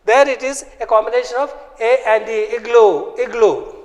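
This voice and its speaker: A man teaching a phonics lesson, repeating sounds and example words slowly and with care. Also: extremely high pitch, steady tone, big-room sound. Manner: slow, repetitive, drills words aloud. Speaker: English teacher.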